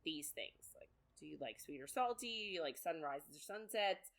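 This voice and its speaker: A woman's voice: low voice, lively intonation, moderate pace, creaky, fairly bright tone. A woman co-hosting a podcast, chatting casually through a book recap with lots of fillers and quoted asides. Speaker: podcast co-host.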